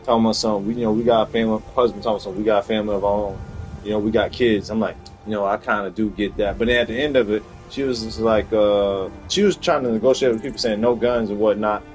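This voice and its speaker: A young man hosting a casual podcast chat, telling stories in a heated, profane way that climbs into loud outbursts. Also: on the low side, fairly even intonation, rapid-fire, hardly any pauses, soft background music, poor audio. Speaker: podcast host.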